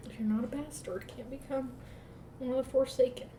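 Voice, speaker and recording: A sarcastic woman co-host recaps a book in casual, profane chat and keeps breaking into quick put-on voices. The sound is roomy and echoey, with a faint hiss of noise behind her. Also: sits high, mellow. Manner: sarcastic, profane, acts out characters in quick asides.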